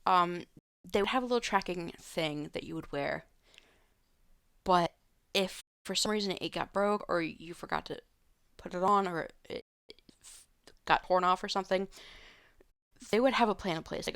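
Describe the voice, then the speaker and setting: A woman's voice: fairly low pitch, moderate pace, pauses often, fairly bright tone, clean tone, dry recording, studio quality. A woman streamer at home, answering viewer questions in a loose, rambling way with many fillers and restarts. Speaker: live streamer. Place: home room.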